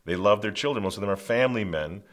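A man's voice: lowish voice, fast talker, fairly bright tone. A man hosting a political commentary, speaking emphatically in a preachy way and repeating phrases for stress. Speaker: commentary host.

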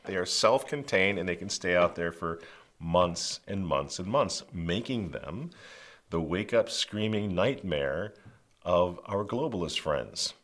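A man's voice: low-pitched, lively intonation, a little slow, a bit bright. A man hosting a political commentary, speaking emphatically in a preachy way and repeating phrases for stress. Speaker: commentary host.

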